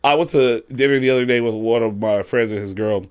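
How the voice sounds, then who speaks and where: A man's voice: medium pitch, a little fast, clear, resonant tone. A man co-hosting a podcast in casual chat, telling stories, laughing often and acting out quoted lines. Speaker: podcast co-host.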